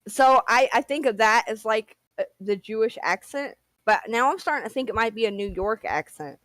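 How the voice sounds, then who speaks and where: A woman's voice: on the high side, lively intonation, moderate pace, fairly bright tone, no echo. Rambling Southern woman with a giggle. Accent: East Tennessee Southern. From near Washington DC, raised in Tennessee. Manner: giggly, rambling, with many fillers and restarts. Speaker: livestream guest. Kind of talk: casual livestream chat.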